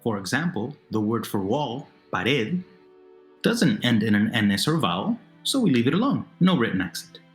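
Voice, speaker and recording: A man narrating a language lesson, explaining slowly and carefully and repeating words for the listener, over a noisy voice-over recording. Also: medium pitch, sing-song. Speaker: Spanish teacher. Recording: noisy narration with faint music.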